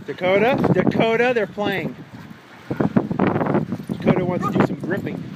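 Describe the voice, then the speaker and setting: A man's voice: high voice, steady tone, measured pace. A man running a dog daycare, chatting casually to the camera outdoors while he watches the dogs, talking to them and laughing often. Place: outdoor dog play yard. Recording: loud outdoor background noise. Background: barking dogs, wind and passing traffic.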